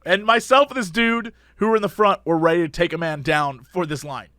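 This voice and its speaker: A man's voice: high voice, brisk, sharp tone, dry recording, studio quality. A man co-hosting a podcast, chatting casually and ranting animatedly about pet peeves. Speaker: podcast co-host. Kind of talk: casual chat.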